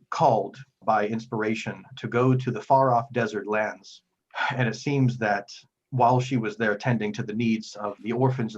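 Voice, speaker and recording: A man's voice: fairly low pitch, husky. A man voicing a kindly, gracious old male priest who speaks formally and solemnly, in a slightly muffled recording.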